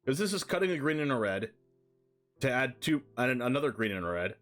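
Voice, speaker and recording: A man chatting casually on a live stream, thinking aloud in quick rambling asides while building a card deck. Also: mid-range voice, big pitch swings, fairly bright tone, soft background music.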